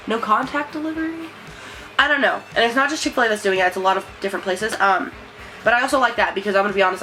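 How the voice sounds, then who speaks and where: A woman's voice: mid-range voice, a bit bright, low-quality recording. Chatty young woman vlogger. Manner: chatty, rambling, many fillers and likes. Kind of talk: casual chat to camera.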